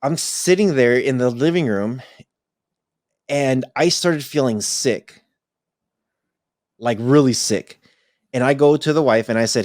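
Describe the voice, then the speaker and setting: A man's voice: medium pitch, unhurried, pauses often, no echo, clean studio sound. Man telling a story casually on a podcast. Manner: animated, acts out voices in his story. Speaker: podcast co-host.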